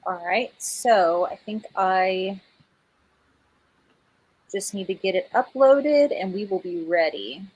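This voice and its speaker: A woman's voice: mid-range voice, slow, long pauses, a little mellow, slightly rough, low-quality recording. A woman author hosting a live book premiere, chatting casually, laughing often and saying "y'all". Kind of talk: casual livestream chat.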